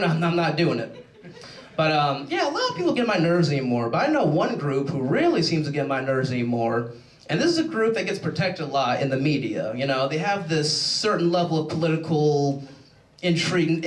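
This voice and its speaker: A young adult man doing a rambling, animated stand-up comedy set on a stage. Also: a little high. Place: show stage in a large room. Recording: echoey room, mic from far off.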